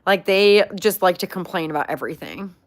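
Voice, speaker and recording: A woman's voice: on the low side, lively intonation, fairly quick. A young woman chatting casually about her pet, answering viewer questions with lots of filler words. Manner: chatty, upbeat, many "like" fillers. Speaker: pet pig owner, channel host.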